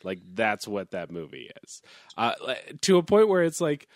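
A man's voice: on the low side, very animated, normal speed, dry recording. Opinionated podcast man, dry close sound. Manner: opinionated, hesitant with many uh fillers, laughs often. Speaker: podcast co-host. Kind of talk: casual chat.

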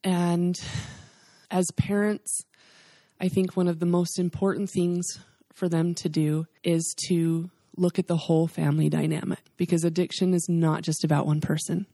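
A woman in her forties speaking earnestly and with feeling about her life and faith, as a guest on a talk show. Her voice sits low and sounds mellow and warm. The recording is close and dry. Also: little pitch movement, moderate pace, dry recording. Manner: earnest, emotional, faith-filled storytelling. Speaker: guest, charity founder. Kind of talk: heartfelt storytelling interview.

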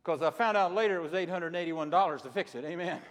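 A man's voice: on the high side, fast talker. A retired pastor in his sixties preaching a sermon, telling personal stories in an earnest way and often repeating his words. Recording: long reverb of a large hall.

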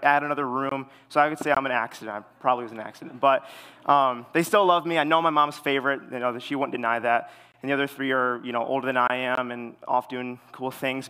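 A young man giving a sermon in a relaxed way, full of fillers, telling stories with animation. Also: mid-range voice, clear, resonant tone. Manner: relaxed, filler-heavy storytelling; animated when retelling stories. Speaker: preacher. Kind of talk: casual sermon.

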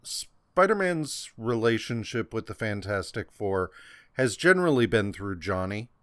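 A man hosting a comics podcast, talking slowly in a rambling way and reading out issue credits. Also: on the low side, sing-song, fairly bright tone, clean tone, no echo, studio quality. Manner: slow and rambling, with fillers and restarts. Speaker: podcast host. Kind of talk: casual chat.

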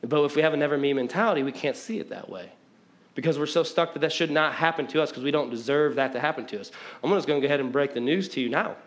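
A man's voice: on the high side, quick pace. A married man preaching a sermon to a congregation in a conversational, self-mocking way, with sudden bursts of emphasis. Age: adult, married with children.

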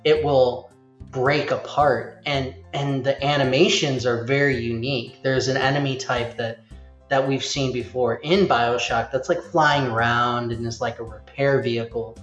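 A man's voice: medium pitch, unhurried. A man hosting a casual chat, rambling along and acting out quotes as he goes. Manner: rambling, animated, acts out quotes. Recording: roomy, slightly dull sound with faint music.

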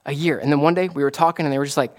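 Man, pastor, conversational sermon, fairly high voice, animated bursts of emphasis. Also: rapid-fire. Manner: casual, conversational preaching with southern "y'all"; animated, rising to excited emphasis.

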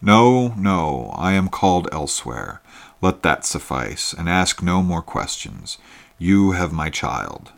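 A man reading the part of a grim, secretive middle-aged hunter in a story, in a low and deliberate way. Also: sing-song, gravelly, fairly bright tone, heavily acted. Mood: solemn.

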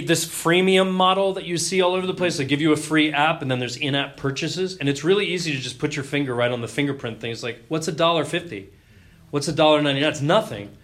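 A man's voice: a little high, a bit bright. A man teaching a class in a loose, joking, story-filled way with lots of ums and restarts. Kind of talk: classroom talk.

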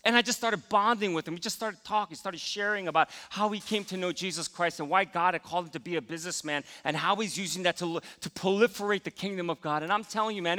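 A man's voice: high voice, pushed and bright, in a large hall. A man preaching a sermon as pastor, telling a personal story and acting out his own thoughts.

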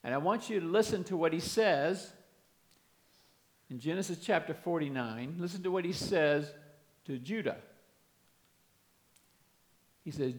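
A man's voice: a little high, measured pace, long pauses. Earnest man preaching a sermon. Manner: earnest, reads scripture aloud with emphasis.

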